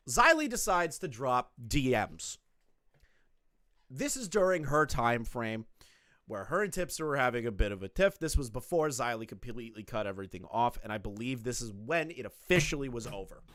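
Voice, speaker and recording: A man's voice: very animated, normal speed, pushed and bright, no echo, clean studio sound. A man ranting sarcastically and with profanity on a live commentary stream. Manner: exasperated, profane and sarcastic, with jumps in pitch. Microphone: streaming setup with a camera.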